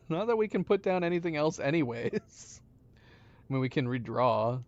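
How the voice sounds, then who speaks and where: A man talks through a puzzle game at his computer, his voice sitting somewhat high. He mumbles quietly to himself, then bursts out in loud, excited exclamations. The recording sounds dull and lo-fi. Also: moderate pace, long pauses. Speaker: gaming channel host. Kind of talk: let's play commentary.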